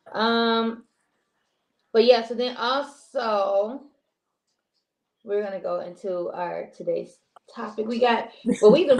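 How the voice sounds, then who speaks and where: A woman's voice: fairly high pitch, a little mellow. Chatty woman, echoey room. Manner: chatty, rambling, restarts often. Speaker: co-host. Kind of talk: casual chat show talk. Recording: roomy echo.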